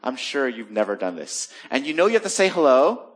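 A man in the middle of his speaking range preaches a sermon like a friendly talk, telling stories and joking with his listeners. On the weightier points he sinks into a quiet, low voice. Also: sing-song, a little fast. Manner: conversational storytelling with jokes and acted asides; drops to a soft low voice for serious points. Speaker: pastor.

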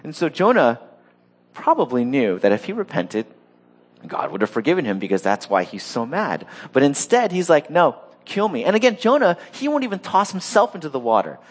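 A man preaching a sermon, animated, acting out the story's characters with sudden rises in pitch. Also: fairly quick. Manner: animated, acts out quoted voices with rising pitch. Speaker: pastor.

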